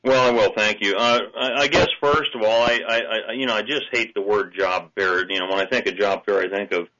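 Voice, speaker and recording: A man's voice: lowish voice, fairly even intonation, brisk, bright, forceful tone, lo-fi sound. A man who is a state representative, speaking as a guest on a radio talk show, earnest and hesitant with many fillers. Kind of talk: phone-in radio interview.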